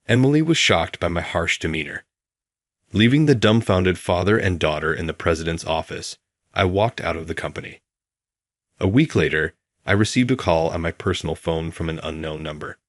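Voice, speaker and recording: A man narrating a first-person story in a calm, even, scripted storytelling manner. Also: deep voice, moderate pace, no echo, studio quality.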